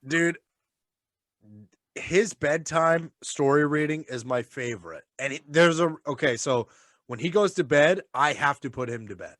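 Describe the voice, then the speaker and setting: A man's voice: fairly high pitch, a little slow, a bit bright, dry recording, studio quality. A man co-hosting a casual chat. He talks animatedly, swears freely and laughs often. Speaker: podcast co-host and father.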